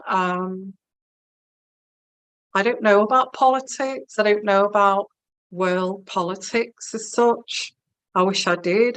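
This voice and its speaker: A woman's voice: mid-range voice, a bit bright, no echo, rough recording. A woman giving a live-streamed tarot reading, musing and hesitant, with many fillers and restarts. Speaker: tarot reader.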